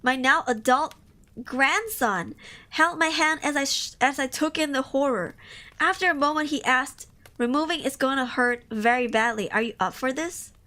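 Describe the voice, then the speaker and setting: Bright high-voiced woman reading aloud. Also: moderate pace. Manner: emotional, cries and exclaims between passages; casual, swears often. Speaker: streamer reading horror stories. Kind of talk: live-stream story reading with reactions.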